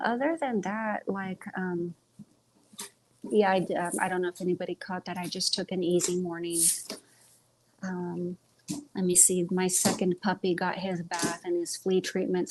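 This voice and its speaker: A woman's voice: lowish voice, level tone, moderate pace, darkish tone, a little hiss or hum, poor audio. A woman hosting a casual live stream from home, chatting loosely and tripping over her words, talking into earbuds. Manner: rambling, stumbling over words.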